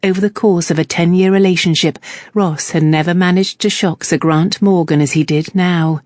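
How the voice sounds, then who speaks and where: A narrator reading a novel aloud at a steady, even pace, with a mid-pitched voice. The recording is dry and close, with no room echo. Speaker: audiobook narrator. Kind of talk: scripted narration.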